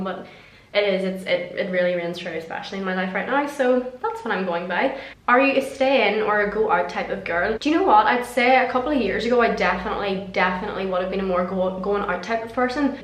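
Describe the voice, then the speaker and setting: Young woman vlogger, mid-pitched, rambling chatty delivery, recorded in a roomy space. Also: fairly bright tone. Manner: chatty, rambling, frequent laughs and swearing. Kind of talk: casual chat answering questions. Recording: roomy echo.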